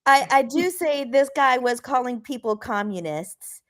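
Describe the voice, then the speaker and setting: Animated high-voiced woman co-host, lively and laughing. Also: measured pace. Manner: animated, bursts into loud laughs, exclaims. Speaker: podcast co-host. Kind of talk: casual chat.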